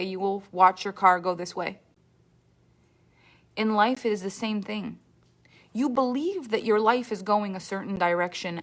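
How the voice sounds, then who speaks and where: Woman giving a motivational money talk. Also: mid-range voice. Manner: storytelling with acted-out quotes, repeats words. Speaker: money coach.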